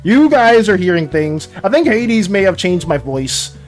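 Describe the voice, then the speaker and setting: Give me a flustered streamer who stammers and repeats words, in a middle-pitched voice with faint music in the background. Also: sing-song, unhurried. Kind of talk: casual live-stream chat while drawing.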